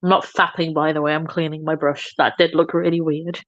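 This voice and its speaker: A woman with a deep, level voice that's fairly bright and a little fast banters playfully and self-mockingly as she does makeup live. The recording is muffled, though free of echo.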